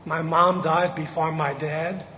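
A man preaching a sermon, slow and emphatic, drawing out the key words. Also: a little high, flat delivery, sharp tone, a little hiss or hum. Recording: echoey hall with faint ambience.

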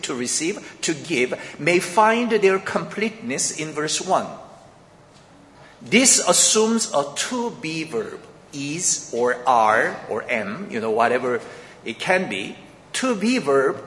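Guy teaching a bible passage real slow, lots of reverb like a big hall. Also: a little high, fairly bright tone, slight background noise. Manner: slow, methodical, explaining grammar step by step. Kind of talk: sermon-style bible lecture. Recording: echoey hall with long reverb.

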